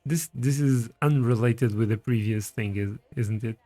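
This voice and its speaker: A man's voice: medium pitch, normal speed, dark tone, dry recording, soft background music. A man casually commenting on his strategy game and reading its text aloud as he plays. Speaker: streamer playing a strategy game.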